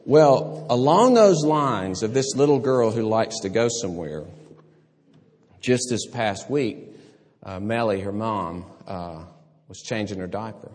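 A man's voice: lowish voice, lively intonation, a little slow, darkish tone. An older man preaching a sermon, telling stories and acting out voices with a laugh. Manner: storytelling, acts out voices and laughs. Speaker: pastor. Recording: long hall reverb.

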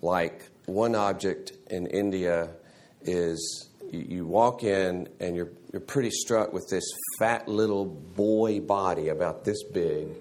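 A man teaching a church Sunday school class in a halting way, restarting words and often clearing his throat. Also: sits low, steady tone, darkish tone.

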